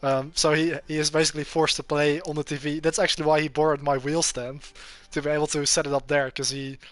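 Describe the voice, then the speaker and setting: A young man with a Dutch accent chats loosely over voice chat while racing online, filling his talk with "like". His voice sits a touch higher than most men's. The sound is dry and close, with no room around it. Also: flat delivery, fast talker, a bit bright, dry recording. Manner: rambling, many "like" fillers. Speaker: sim racing channel host. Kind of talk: casual voice chat during an online race.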